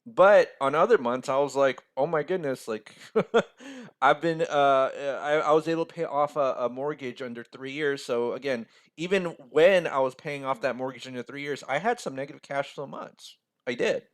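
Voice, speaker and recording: A man's voice: medium pitch, animated, moderate pace. A man with an American accent hosting a casual finance explainer, talking in a chatty, rambling way and asking "right?" often. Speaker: financial mentor, video host.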